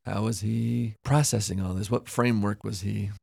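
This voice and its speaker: A man's voice: on the low side, steady tone, moderate pace, gravelly, darkish tone, no echo, studio quality. A man co-hosting a conversational podcast, recounting events reflectively with hedges and asides. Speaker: podcast co-host. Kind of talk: casual conversational history discussion.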